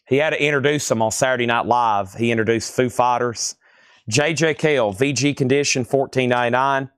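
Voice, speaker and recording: A man hosts a live online sales stream, calling out record grades and prices in a relaxed, casual way. His voice is smooth and clear, and the sound is dry and close with no room echo. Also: medium pitch. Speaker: host of a live record sale.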